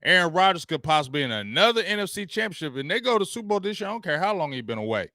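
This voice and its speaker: A man's voice: high-pitched, sing-song, racing, pushed and bright, no echo, studio quality. A man hosting his own late-night show, ranting about football in a heated, mocking, slangy way. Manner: heated, mocking, barking dog noises, slangy. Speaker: show host. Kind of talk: animated sports rant.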